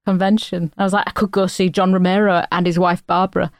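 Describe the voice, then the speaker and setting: A woman's voice: on the low side, little pitch movement, fast, no room sound, clean studio sound. Tired laid-back woman co-host. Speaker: podcast co-host. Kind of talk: casual chat.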